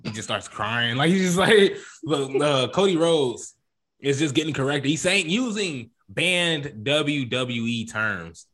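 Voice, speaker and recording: A man co-hosting a casual wrestling podcast, rambling and animated, acting out quotes in jokey voices. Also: mid-range voice, unhurried. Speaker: podcast co-host.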